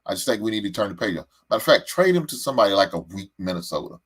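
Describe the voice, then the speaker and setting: Low-pitched male sports host, exasperated fan rant, stammers and repeats. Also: very animated, rapid-fire, breathy edge.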